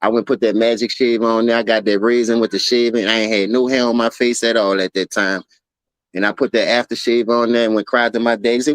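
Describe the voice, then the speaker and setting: A man's voice: medium pitch, level tone, fairly quick, smooth, no echo. A man hosting a casual basketball talk stream, telling loose, profane stories full of slang. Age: adult, calls himself an OG. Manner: loose, profane storytelling with slang and repeated "you feel me". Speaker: livestream basketball talk host. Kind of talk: casual sports debate chat.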